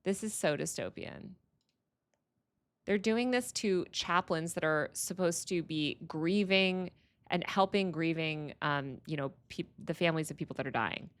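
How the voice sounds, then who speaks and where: A woman hosts a livestream and rants at her viewers. Her voice sits a little low, and she sounds exasperated, hammering each point home by saying it twice. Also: measured pace. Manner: heated, exasperated, repeats phrases for emphasis. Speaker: livestream host. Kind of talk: ranting livestream commentary.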